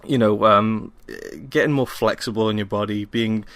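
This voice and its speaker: Deep-voiced tired young man rambling. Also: fairly even intonation, normal speed, a bit bright, no room sound. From Wales. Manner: rambling, self-deprecating, many ums. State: tired after a workout. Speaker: podcast host. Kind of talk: casual solo podcast monologue. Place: home.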